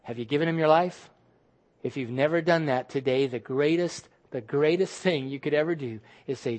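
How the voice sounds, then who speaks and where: A man preaching a sermon as pastor, with emphatic delivery that drops to soft, hushed phrases. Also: fairly high pitch, moderate pace.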